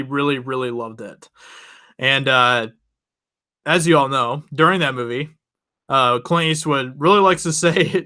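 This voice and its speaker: In a mid-range voice that sounds pushed and bright, a young man hosting his channel rambles through a personal story for his viewers. He's chatty and casual, laughs often and keeps restarting his sentences.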